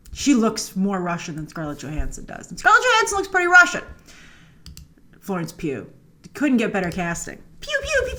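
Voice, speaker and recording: A woman's voice: a little high, bright, forceful tone. A woman hosting a film review show, chatting enthusiastically through a trailer breakdown with frequent fillers. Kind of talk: casual trailer breakdown commentary.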